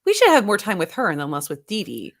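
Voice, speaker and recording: A woman's voice: mid-range voice, wildly swooping pitch, fast. A woman co-hosting a podcast, chatting casually about a film, laughing often and trailing off mid-thought. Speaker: podcast co-host. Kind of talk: casual chat reviewing a film.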